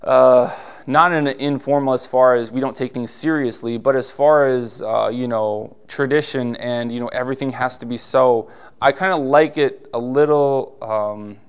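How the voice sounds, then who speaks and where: A male pastor preaching a sermon in a laid-back, conversational way, full of rhetorical questions and quick asides. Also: mid-range voice, clean tone.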